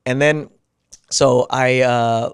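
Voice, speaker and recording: Male podcast guest, mid-range voice, lively anecdotal storyteller who swears and acts out the quotes. Dead, dry room. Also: mid-range voice, slow, clear, resonant tone, dry recording. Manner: drops to a hushed whisper at tense moments.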